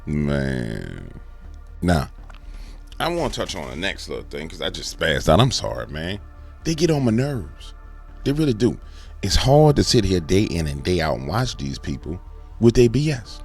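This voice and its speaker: A man with a low voice hosts a fiery commentary show. He rants fervently, and his pitch swings all over as he goes. There is faint music underneath. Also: moderate pace, creaky. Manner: animated, fervent, ranting. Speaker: host.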